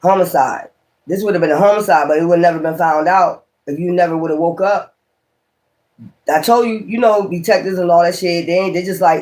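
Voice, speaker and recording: High-voiced man giving a profane tarot reading. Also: brisk, darkish tone. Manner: profane, exclamatory and rambling. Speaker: tarot reader.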